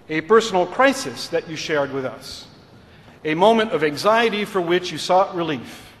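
Middle-aged guy dean giving a grad speech, high voice, big echoey hall, slow rhetorical build. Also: fairly bright tone. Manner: measured and rhetorical, switching between English and French. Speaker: law school dean giving a graduation address. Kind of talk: formal ceremonial speech. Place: large ceremony hall. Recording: reverberant hall.

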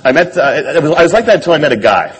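A man with a slightly husky voice tells a personal story to an audience, speaking at a brisk clip. His delivery is wry and self-deprecating, the manner of a stage talk. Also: fairly high pitch, very animated, poor audio.

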